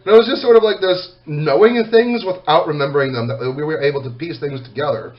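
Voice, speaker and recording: A man casually talking to his viewers, reading comments aloud, emotional and swearing freely, swinging from loud outbursts to soft, quiet thanks. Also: fairly high pitch, fast talker, muffled recording. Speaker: content creator reading comments.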